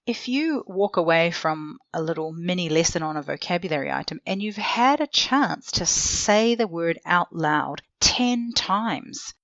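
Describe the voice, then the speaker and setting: A woman who trains language teachers, explaining vocabulary teaching in a casual, clear way, often asking rhetorical questions as she goes. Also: on the low side, animated, measured pace, hardly any pauses, fairly bright tone, dry recording, muffled recording. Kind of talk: instructional podcast talk. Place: seated indoors.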